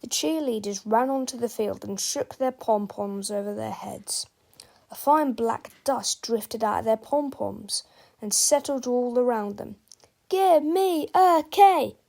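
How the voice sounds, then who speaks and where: A woman narrating a children's book read-aloud in a slow, expressive way, often talking straight to the listener. Her voice sits fairly high, with a gravelly texture. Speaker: storybook reader.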